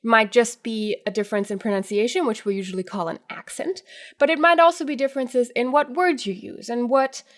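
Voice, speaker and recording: A woman whose first language is German, hosting a casual educational video and explaining language in a chatty way with asides. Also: fairly high pitch. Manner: chatty, with asides and quick accent impressions. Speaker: German teacher and video host.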